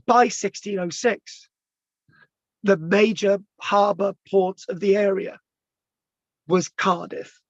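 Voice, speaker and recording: A local history presenter gives a rambling, informal talk, stumbling over place names in a strained, tired voice. His voice sits high with a steady tone, and he speaks slowly with long pauses. The recording is dry and dull.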